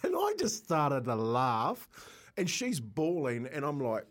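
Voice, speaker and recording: A middle-aged man with a New Zealand accent, co-hosting breakfast radio and telling a rambling story with lots of laughs. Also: slow pace. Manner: animated, laughing, raises pitch for quoted voices. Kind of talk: casual storytelling.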